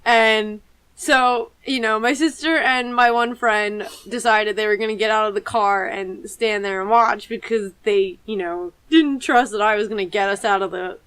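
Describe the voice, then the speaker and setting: A woman's voice: mid-range voice, moderate pace, smooth, no echo. A woman, chatting expressively on a casual podcast. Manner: expressive, talks with her hands. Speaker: podcast co-host. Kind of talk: casual chat.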